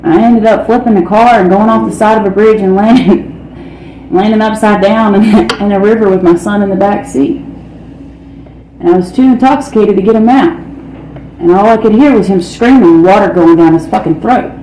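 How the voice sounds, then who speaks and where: A woman's voice: mid-range voice, moderate pace, warm tone. A woman giving a candid, blunt recovery testimony as a speaker, peppering her talk with "man" and "you know.". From North Carolina, United States. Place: meeting hall. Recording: echoey room with faint ambient noise.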